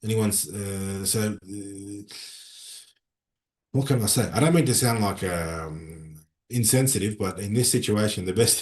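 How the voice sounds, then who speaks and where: A middle-aged man with an Australian accent hosting a casual livestream from a room in a consulate, chatting and reading out viewer comments in an animated, rambling way. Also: fairly low pitch. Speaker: livestream host. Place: room inside a consulate building. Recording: roomy echo.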